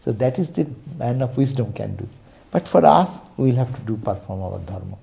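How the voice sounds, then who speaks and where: A man's voice: medium pitch, animated, a little fast, gravelly, mellow. A man giving a spiritual sermon, telling stories and checking in with rhetorical asides. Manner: storytelling, frequent rhetorical "eh?". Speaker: spiritual teacher.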